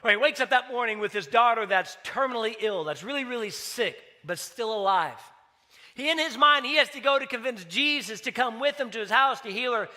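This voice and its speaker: A male pastor with a strikingly high, bright voice preaching a sermon. He talks conversationally, telling stories and acting out their dialogue. His tone rings out sharp and clear. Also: animated, brisk. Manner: conversational, storytelling with acted dialogue.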